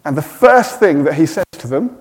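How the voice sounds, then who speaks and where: A man's voice: on the high side, expressive, moderate pace. A middle-aged man preaching a sermon in a slightly raised voice. His talk is easygoing and dotted with self-deprecating jokes. The sound carries the long echo of a church hall. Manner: warm, self-deprecating humour.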